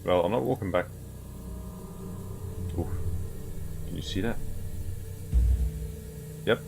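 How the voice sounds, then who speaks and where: A man's voice: low voice, slow, creaky, a little mellow, a little hiss or hum. A man casually commentating a horror game, with wry, sarcastic asides. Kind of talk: casual let's-play commentary.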